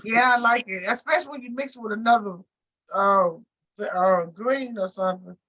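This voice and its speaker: Woman, book club host, high voice, bright tone, friendly, drawn-out "uh"s. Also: rough recording. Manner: friendly, fills pauses with drawn-out "uh". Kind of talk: casual group chat.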